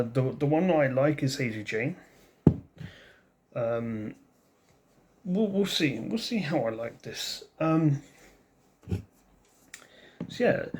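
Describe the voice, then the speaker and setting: A man's voice: medium pitch, a little mellow. A man hosting a casual vlog beer review who rambles and often restarts his sentences.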